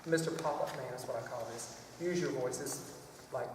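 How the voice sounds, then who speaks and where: In this music workshop lesson, a man guides a children's choir, rambling amiably and showing things off with playful singing. His mid-range voice moves at a moderate pace, recorded from afar in a reverberant hall with a little background noise.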